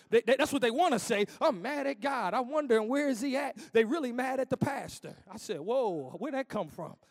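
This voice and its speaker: A man preaching a sermon as pastor, impassioned, rising to shouts and dropping low, in an informal church preaching cadence. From United States.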